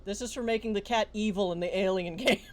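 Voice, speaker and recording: A woman's voice: medium pitch, a little fast. A woman playing in a tabletop role-playing game, chatting casually and slipping into character lines. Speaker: player.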